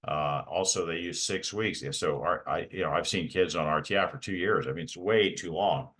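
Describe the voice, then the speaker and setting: Giving a training presentation to parents, a middle-aged parent advocate stresses and repeats his key points, often asking "okay?" to check in. His low-pitched voice has a fairly bright tone and a normal pace.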